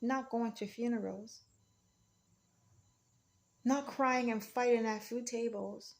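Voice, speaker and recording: A woman's voice: on the high side, fairly even intonation, takes it slowly. A woman speaking in an emotional, rambling monologue, defiant and often repeating herself.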